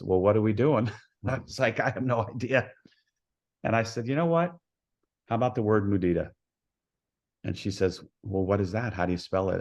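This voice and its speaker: Low-voiced coach telling folksy stories. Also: male voice, darkish tone, highs cut off. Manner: folksy, anecdotal, acts out quoted dialogue. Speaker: head softball coach, podcast guest. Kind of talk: storytelling in a podcast interview.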